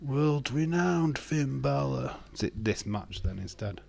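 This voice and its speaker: A man gives casual live-stream commentary over a wrestling watch-along, rambling, joking and reading chat messages aloud. His mid-range voice is animated and darkish, with vocal fry, and his pace is measured.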